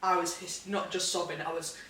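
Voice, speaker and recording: A woman co-hosting a podcast, talking quickly and eagerly, often restarting her sentences. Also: lowish voice, level tone, pushed and bright. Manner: quick, enthusiastic, self-interrupting. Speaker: podcast co-host. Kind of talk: casual chat. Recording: echoey room, mic at a distance.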